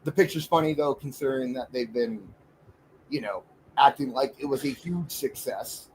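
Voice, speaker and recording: A man's voice: medium pitch, moderate pace, darkish tone, a little hiss or hum, poor audio. A man co-hosting a casual wrestling podcast, easygoing and wry. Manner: easygoing, wry, laughs between lines. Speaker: co-host.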